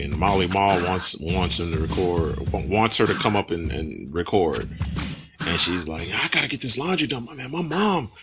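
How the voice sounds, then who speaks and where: A man with a low voice gives a casual film review in blunt street slang. He talks in an animated way, full of asides and restarts. Music plays clearly underneath.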